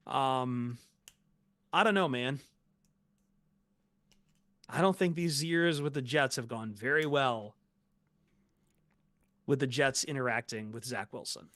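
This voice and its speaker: Man, sports podcast co-host, casual chat, opinionated, medium pitch, dry close sound. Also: slow, pauses often, a bit bright, no echo.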